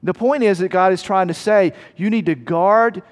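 A man's voice: high-pitched, moderate pace, big-room sound. A man preaching a sermon in a conversational way, asking his listeners rhetorical questions. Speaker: pastor.

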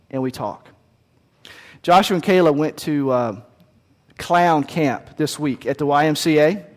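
A man's voice: on the high side, normal speed, big-room sound. A man preaching a sermon as pastor, in a conversational, folksy storytelling manner with frequent restarts.

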